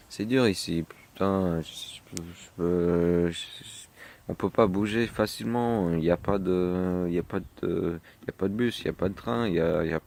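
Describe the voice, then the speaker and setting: A French man talking in a casual video diary in English with a French accent, halting with many fillers and slipping into French. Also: low voice, creaky, a little mellow, a little hiss or hum. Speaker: vlogger.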